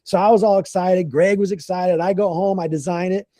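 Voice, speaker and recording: A middle-aged man tells a business story on a group call with animated energy. His voice sits a little high but has a mellow, dark tone. He acts out the people in his story and often repeats words, and the sound is close and dry. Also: brisk, no room sound. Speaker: landscaping business coach.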